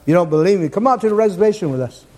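A man preaching a fervent sermon, repeating his phrases and climbing toward near-shouts. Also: high-pitched, animated, rapid-fire.

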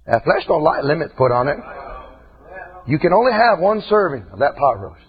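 A man preaching a sermon with passion, his voice rising to shouts and dropping low again. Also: sing-song, moderate pace, muffled recording. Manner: impassioned, shouting, swinging between loud and quiet.

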